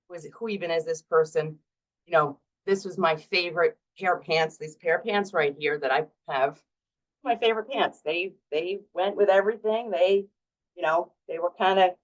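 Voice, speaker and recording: Low-voiced chatty woman vlogger. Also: dull audio. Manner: chatty, self-deprecating, laughs often. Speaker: vlog host. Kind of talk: casual talk to camera.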